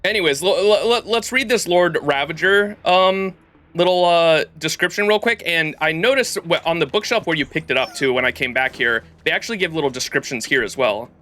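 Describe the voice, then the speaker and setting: A man's voice: fairly high pitch, fairly quick, sharp tone, faint music behind. A man streaming a story game, chatting casually with his viewers and reading the lore text aloud in a rambling way.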